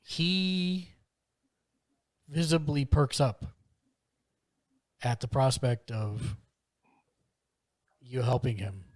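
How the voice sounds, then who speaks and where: A man acting as game master, narrating a tabletop game with quick practical asides. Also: mid-range voice, steady tone, no room sound.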